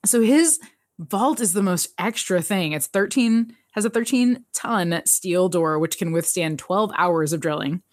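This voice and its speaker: A woman hosting a podcast, chatting casually as she recaps an episode, telling it in an animated way, laughing often and acting out the characters' lines. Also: lowish voice, measured pace, no echo, studio quality. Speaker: podcast host.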